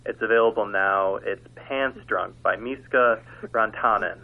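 A man's voice: lowish voice, unhurried. A man recommending a book on a radio segment with a dry, tongue-in-cheek delivery like an infomercial. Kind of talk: casual book pitch. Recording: phone-like radio audio.

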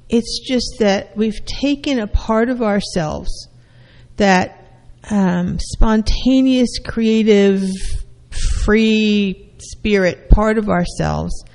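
A therapist explaining a concept to listeners at an unhurried pace. The delivery is measured, with pauses and restarts. The voice carries a long hall reverb. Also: medium pitch, gravelly, a little mellow. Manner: measured, with frequent fillers and restarts. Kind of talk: explanatory talk to an audience.

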